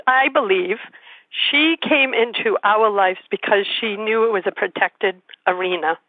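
Female talk host who tells lively stories and mimics the people she quotes. Comes through a tinny phone line. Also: medium pitch, dry recording. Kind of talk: casual storytelling conversation.

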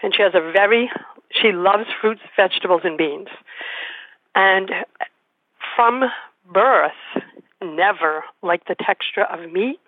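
A woman hosting a radio show, telling a family story in a lively way and acting out the voices she quotes. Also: medium pitch, takes it slowly, long pauses, no room sound. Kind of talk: casual storytelling conversation. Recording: tinny phone-line sound, dry.

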